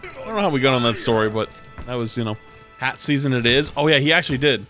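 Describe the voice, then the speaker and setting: A young man in his twenties, a streamer casually telling a story, animated and profane, often getting loud. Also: medium pitch, quick pace, faint music behind. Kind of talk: casual storytelling while gaming.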